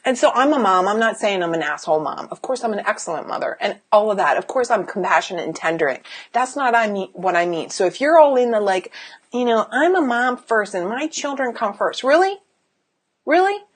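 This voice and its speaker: A woman's voice: medium pitch, lively intonation, quick pace. A woman business coach giving a blunt, emphatic motivational talk to camera, swearing freely and firing rhetorical questions at the viewer.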